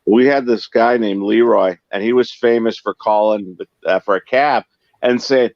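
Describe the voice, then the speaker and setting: A man's voice: lowish voice, steady tone, moderate pace, no echo, dull audio. A man telling stories in casual chat, putting on voices for the people in them. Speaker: guest.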